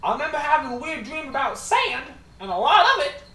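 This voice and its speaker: A man voicing a gruff, loud male tavern keeper who yells in a strained, high voice. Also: very animated, brisk, roomy sound, far from the mic, exaggerated voice. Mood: bewildered.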